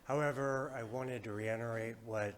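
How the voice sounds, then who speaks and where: A man's voice: lowish voice, a little slow, a little hiss or hum. A man speaking as a resident during public comment at a city meeting. He is losing his voice and sounds concerned, hesitating with fillers.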